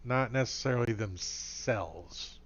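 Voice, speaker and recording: A man's voice: mid-range voice, slow pace. Male game master, casual and rambling, muffled voice-chat audio. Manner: casual, rambling, many fillers. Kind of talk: narrating a tabletop game.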